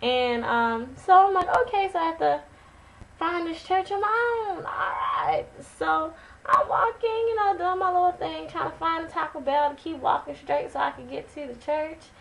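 Woman vlogger, high-pitched, animated casual storyteller. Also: normal speed, gravelly, poor audio. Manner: animated, chatty, dramatic retelling.

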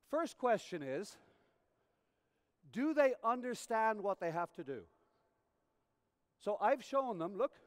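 A man giving a coaching lecture at a conference, explaining through acted-out examples and often checking in with his audience. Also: high voice. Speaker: tennis coach educator. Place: conference hall. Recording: reverberant hall recording.

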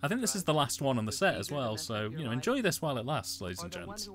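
A man's voice: medium pitch, very animated, fast talker, a crowd in the background. Man riffing sarcastically. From England. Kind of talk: casual comedic commentary. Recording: noisy home recording.

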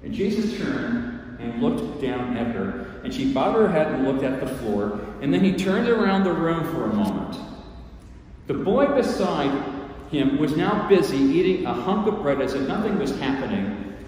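A man preaching a dramatic first-person sermon, telling the story in character with a theatrical, expressive delivery. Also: on the high side, normal speed, slight background noise. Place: church sanctuary. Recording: echoey church hall from far off.

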